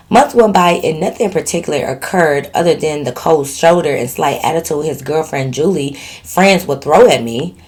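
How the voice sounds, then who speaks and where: Woman vlogger, lowish voice, storytime reader with sassy teasing commentary. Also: husky. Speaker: channel host. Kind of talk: reading a viewer's story aloud with commentary.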